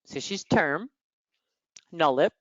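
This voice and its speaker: Tutoring for an exam over a video call, this Michigan woman has a nasal Midwestern American accent and a chatty, teasing, straightforward style. She speaks slowly and animatedly in a low register, with no room sound on the muffled, dry call audio.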